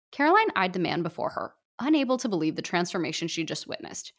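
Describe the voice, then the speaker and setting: A woman narrating a short story in an expressive, animated storybook style. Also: lowish voice, fast talker, few pauses.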